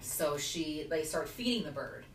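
A woman's voice: low voice, lively intonation, a little slow. Young female podcast host, casual retelling, faint background hiss. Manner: loose, filler-heavy retelling with many "like"s. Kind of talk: casual storytelling chat. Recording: roomy room, distant mic, faint hiss.

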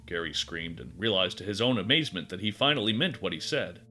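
A man reads a dark story aloud in a measured, expressive way. His voice is bright and fairly low, and his intonation moves a lot. Faint instrumental music plays beneath him. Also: breathy edge. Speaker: narrator. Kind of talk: dramatic audiobook narration.

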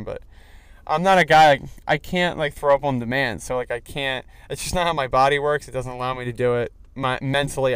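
A man's voice: medium pitch, smooth, no room sound. A young man hosting a casual solo podcast while driving, rambling and joking with lots of fillers. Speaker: podcast host. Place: car on the road. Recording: faint vehicle noise. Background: car driving noise.

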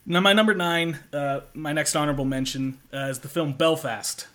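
A man's voice: a little high, normal speed, fairly bright tone. A man hosting a casual film podcast, easygoing and agreeable as he chats with his guest. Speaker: podcast host.

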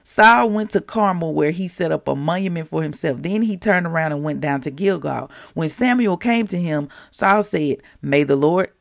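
Podcast host, Bible reading with jokey asides, lively pitch, gravelly edge. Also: moderate pace, few pauses, no echo, clean studio sound. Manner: chatty, jokey asides, laughs at own slips. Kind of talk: casual Bible reading and commentary.

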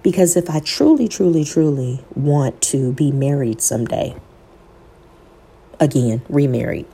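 A woman's voice: low voice, animated, unhurried, mellow, husky. A woman podcast host telling an emotional, faith-filled personal story, talking to listeners as y'all and quoting scripture in a sermon cadence.

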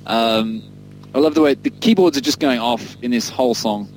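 A man's voice: mid-range voice, lively intonation, normal speed, darkish tone, rough recording. A man co-hosting a casual music podcast, rambling enthusiastically and laughing often. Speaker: podcast co-host discussing an album.

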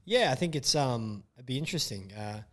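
A man co-hosts a podcast in loose, casual chat. His voice sits at an ordinary middle pitch. He jokes through the talk, laughs often and slips into quick put-on voices for quotes. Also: expressive. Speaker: podcast co-host. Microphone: podcast microphone, audio only.

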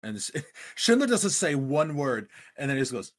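A man's voice: mid-range voice, sing-song, normal speed. A man co-hosting a casual film discussion, talking with enthusiasm and rambling through many fillers. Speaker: podcast co-host.

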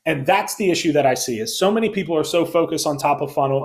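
A man coaching salespeople in a casual podcast monologue, talking energetically with lots of fillers and quick self-corrections. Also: a little high.

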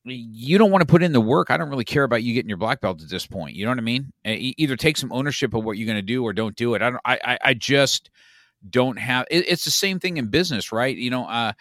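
A man's voice: medium pitch, expressive, fast, a bit bright, no room sound, clean studio sound. An older man, a martial arts instructor hosting a casual podcast chat, talking in a blunt, reflective way with stammered restarts.

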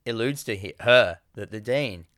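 A man casually recapping a film with a co-host, acting out characters' lines in quick animated bursts. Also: lowish voice. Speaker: podcast co-host.

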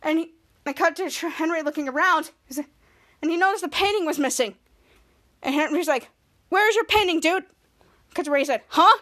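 A woman podcast host walks through a sitcom episode scene by scene, halting and restarting as she goes. Her voice is very high and bright. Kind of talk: casual episode recap.

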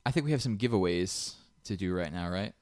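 A man's voice: low voice, brisk, no echo, clean studio sound. A man co-hosting a gaming podcast, chatting casually with many fillers and restarts. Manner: relaxed, rambling, many fillers. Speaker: podcast co-host.

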